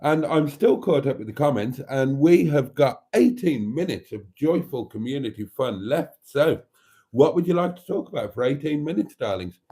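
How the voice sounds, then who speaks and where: A man's voice: medium pitch, lively intonation, moderate pace, mellow, breathy edge. A man hosting a casual livestream, chatting and reading out viewers' comments in a chatty, theatrical way that calls them darlings. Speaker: livestream host.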